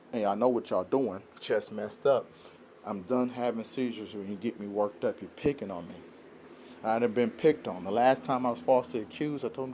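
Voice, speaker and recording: A man's voice: fairly low pitch, a little mellow, a little hiss or hum. A man talking straight to his camera in an unscripted vlog, venting in a rambling, aggrieved way and often checking in with his listeners. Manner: rambling, aggrieved venting, keeps asking "you know what I'm saying". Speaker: vlogger.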